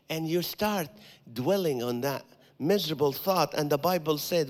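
A man preaching as a guest speaker, his voice pitched high and lively. He acts out the thoughts of his listeners and hammers phrases home by repeating them, with comic asides between scripture. His voice rings out with a long, hall-like reverb. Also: normal speed.

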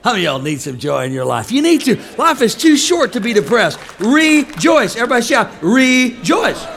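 A man preaching a comedic sermon to a live congregation, often shouting and mock-singing. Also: high voice, fast, vocal fry. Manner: animated, shouting, mock-singing and laughing between lines. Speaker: pastor. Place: church hall with a live congregation.

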